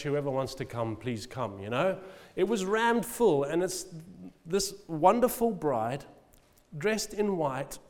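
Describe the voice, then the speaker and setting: Man preaching in a reverberant hall. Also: sits high. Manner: warm storytelling, humbled, with laughter and restarts. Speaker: pastor. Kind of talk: sermon. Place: church hall.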